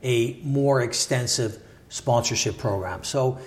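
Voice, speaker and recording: A man's voice: medium pitch, takes it slowly. Thoughtful older man with an echoey sound. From Canada. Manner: thoughtful, hedging, many restarts and asides. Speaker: podcast guest, former Olympic wrestler and sports lawyer. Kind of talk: reflective interview talk. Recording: roomy echoey room.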